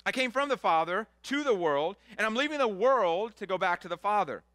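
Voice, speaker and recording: A middle-aged male pastor preaching a sermon in a conversational way, swinging from loud animated passages to hushed, soft ones. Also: high-pitched, fairly quick, dry recording.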